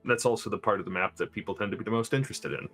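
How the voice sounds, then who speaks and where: A man playing a tabletop game, calmly describing his character's actions. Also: fairly low pitch, racing, soft background music. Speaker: player. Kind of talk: casual tabletop play.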